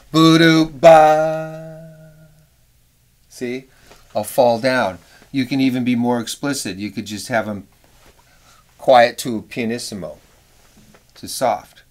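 Relaxed man teaching music arranging. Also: medium pitch. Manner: relaxed, rambling, sings rhythms with scat syllables. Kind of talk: casual instructional talk.

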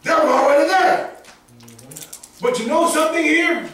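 A man preaching a sermon, emphatic and animated, often rising into shouts and chuckling between points. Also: extremely high pitch, moderate pace. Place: church sanctuary. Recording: echoey church from far off.

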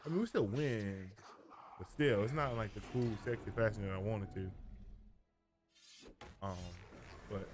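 A man's voice: lowish voice, sing-song, a little slow, pauses often, background noise. A man giving casual gameplay commentary as a streamer, thinking aloud, rambling and often correcting himself mid-sentence.

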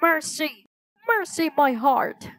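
A fussy middle-aged theater manager in a storybook reading, wailing and panicking with a high, strained voice, as a woman reader puts him on. The sound is close and dry. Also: lively intonation, measured pace, dry recording. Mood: panicked.

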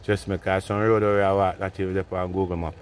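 Deep-voiced Jamaican man rambling on a walk. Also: little pitch movement, fast, slight background noise. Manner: chatty, rambling, laughs often, speaks in patois. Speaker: vlogger. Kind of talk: casual walking vlog monologue. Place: outdoors on a street at night. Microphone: phone carried while walking.

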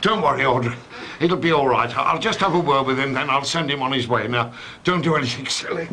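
An actor playing a steady man who soothes a frightened woman, coaxing and then firm, in a British soap opera. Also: sits high, moderate pace, vocal fry, exaggerated voice. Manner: coaxing, firm when confronting. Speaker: friend calming a frightened woman. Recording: TV soundtrack with background noise.

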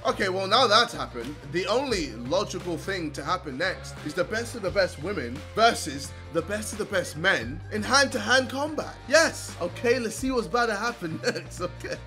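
Male YouTuber, high animated voice, laughs and shouts through his reactions. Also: moderate pace, few pauses, over music. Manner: laughs hard, shouts and swears often. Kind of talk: casual reaction commentary.

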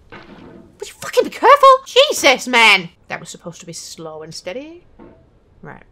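High, animated woman ranting at a game. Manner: swears and shouts in frustration. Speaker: let's play gamer. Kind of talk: frustrated gameplay commentary. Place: home.

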